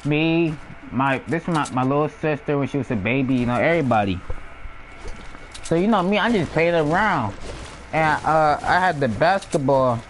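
A man's voice: on the high side, animated, moderate pace, a little hiss or hum, low-quality recording. A young man telling personal stories in a casual, slangy way, often laughing and acting out the sounds of what happened. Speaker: storyteller. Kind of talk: casual storytelling.

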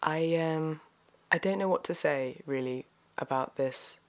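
Woman vlogger, very low voice, halting and emotional delivery, sincere direct-to-camera thanks. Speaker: voice actor and YouTuber. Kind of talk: heartfelt thank-you vlog.

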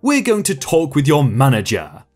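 A man voicing an entitled, demanding middle-aged woman shopper in a reddit storytime reading, with lively pitch and soft music behind. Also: normal speed, heavily acted. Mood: indignant. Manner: demanding, indignant.

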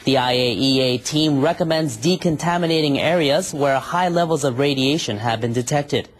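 A man reading a broadcast news report in a measured, formal way. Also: mid-range voice.

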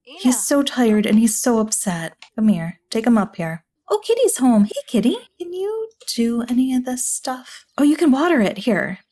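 A gaming YouTuber with a mellow, sing-song, somewhat high voice narrates a life-sim let's-play. She treats her characters like family, laughs often, and is quick to exclaim.

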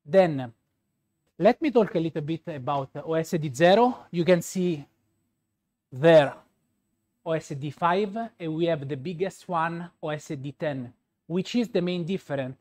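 Roman Italian pastry chef, native Italian speaker, slow and fumbling in English, slightly raised pitch. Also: male voice, darkish tone. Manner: slow, halting, many fillers. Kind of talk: live product demo.

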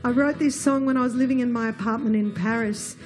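A high-pitched woman talks to a festival crowd between songs, loose and chatty with frequent laughter. She speaks into a stage mic while a guitar plays softly behind her. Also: fairly even intonation, quick pace. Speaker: singer-songwriter.

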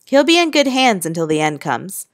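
A woman's voice: medium pitch, moderate pace, no room sound, studio quality. Woman voicing a blunt country doctor. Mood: grave. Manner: calm, matter-of-fact.

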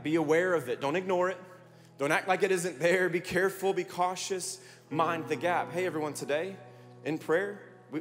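A man preaching a sermon as pastor, energetic and rallying his congregation with repeated calls to respond. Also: a little high. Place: large church hall. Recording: long hall reverb, music behind.

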